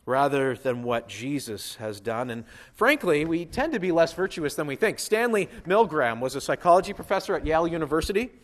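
A man preaching a sermon as a pastor, animated and acting out the voices of figures from the Bible. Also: a little high, fairly quick, few pauses.

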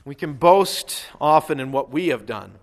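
High-voiced male pastor preaching. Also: a little slow. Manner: animated, acts out Bible voices. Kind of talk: sermon.

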